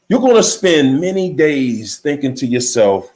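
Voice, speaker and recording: A man giving a motivational speech in an emphatic, repetitive preaching cadence, slowing down to stress key words, with faint music behind. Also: high-pitched, big pitch swings, a little mellow. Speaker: motivational speaker.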